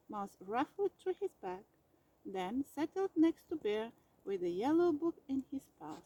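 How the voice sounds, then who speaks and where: Slow, expressive woman reading a storybook. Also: a little high, rough recording. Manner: gentle, expressive narration. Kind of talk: storybook read-aloud.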